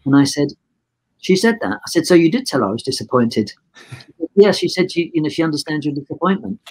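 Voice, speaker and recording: Husky older guy, 60s, rambling storyteller, keeps restarting, acts out who said what. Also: fairly high pitch, expressive, quick pace, darkish tone, low-quality recording. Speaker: photographer guest. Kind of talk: casual anecdote in a podcast interview.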